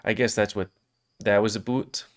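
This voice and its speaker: A man's voice: on the low side, steady tone, normal speed, clear, resonant tone. Man reading a visual novel aloud. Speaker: game reader.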